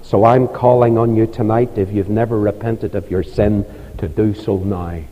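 Man preaching, fervent and pleading, mellow dark tone, long reverb of a big church hall. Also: steady tone, moderate pace, lo-fi sound. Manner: fervent, pleading, climbs high on appeals. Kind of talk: evangelistic sermon.

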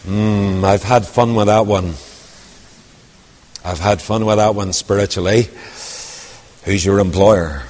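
A man with a lilt preaching a storytelling sermon, dropping to quiet asides and rising to loud, ringing declamation. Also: on the low side, fairly even intonation, takes it slowly, pauses often. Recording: long hall reverb.

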